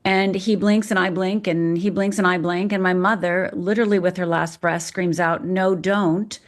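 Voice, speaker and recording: A woman's voice: lowish voice, steady tone, normal speed. A middle-aged woman from Upper Michigan, a podcast guest, telling her personal story frankly and vividly. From Upper Michigan, USA. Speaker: guest, fear expert.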